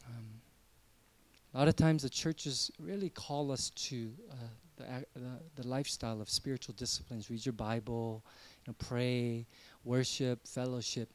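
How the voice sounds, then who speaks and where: A male pastor giving a sermon in a conversational way, swinging from hushed asides to emphatic points. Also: medium pitch, steady tone, normal speed.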